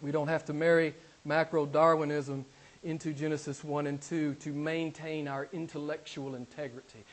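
A male pastor preaching a sermon, emphatic, repeating key phrases and swinging between loud declarations and quiet asides. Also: fairly high pitch, little pitch movement, normal speed, poor audio. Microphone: recorded for a podcast.

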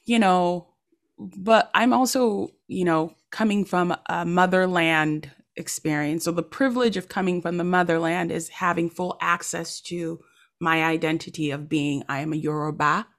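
A woman podcast host who grew up in Nigeria speaks in a somewhat low voice. She chats in a casual, expressive way and punctuates her guest's points with emphatic exclamations. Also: normal speed. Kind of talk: casual conversational interview.

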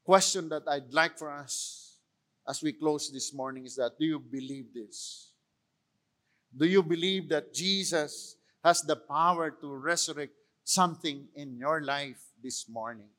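Filipino pastor guy preaching slow, kinda high voice, mixes in tagalog bits. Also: a bit bright. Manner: unhurried preaching, switching into Tagalog phrases, rising emphasis on quotes. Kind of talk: sermon.

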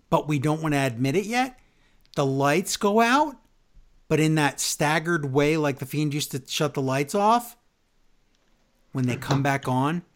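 A man co-hosting a podcast, ranting sarcastically in a casual wrestling recap. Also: on the high side. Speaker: podcast co-host.

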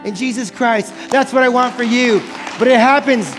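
A man's voice: extremely high pitch, steady tone, moderate pace, big-room sound, music in the background, crowd noise. A man preaching a sermon as pastor, impassioned and repeating phrases for emphasis. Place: church sanctuary.

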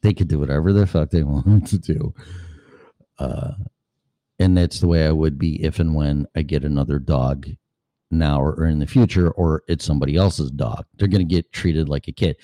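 Deep-voiced, profane man rambling casually. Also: fairly even intonation, moderate pace, dark tone, dry recording. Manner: profane, conversational, asks rhetorical questions. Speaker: show host.

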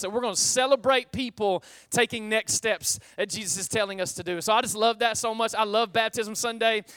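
Male pastor, high voice, energetic sermon with crowd call-outs, guitar music underneath. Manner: energetic, call-and-response with congregation. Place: church sanctuary.

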